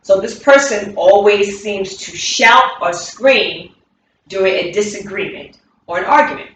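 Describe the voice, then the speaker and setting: A woman coaches movement, repeating key words with emphasis while demonstrating, in an instructional talk. Her mid-range voice is fairly bright and a little slow. The recording comes from a distant mic in a very echoey room, with slight background noise.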